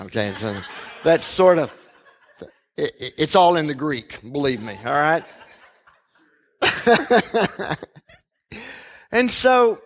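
A male pastor preaches a sermon in a fairly high voice, speaking slowly and deliberately. He retells a scripture story in a lively way and slips in and out of the characters' voices. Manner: animated storytelling, acting out the characters.

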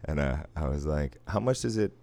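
A man's voice: extremely low pitch, expressive, a little fast, creaky, a little mellow. A man from Boston co-hosting a podcast, telling teasing stories in casual chat. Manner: teasing storyteller.

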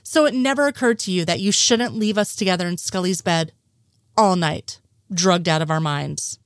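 A woman's voice: on the low side, normal speed, no echo, clean studio sound, close to an everyday voice. A woman reading the lines of an exasperated male FBI agent in her own voice.

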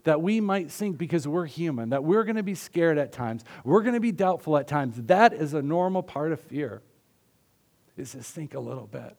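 A man preaching a sermon in an earnest, conversational way, often dropping his voice softly. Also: a little high, expressive, normal speed, vocal fry. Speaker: pastor.

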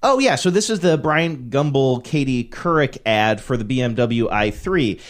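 Male co-host, lively pitch, chatty and playful. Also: normal speed. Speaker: podcast co-host. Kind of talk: casual chat about commercials.

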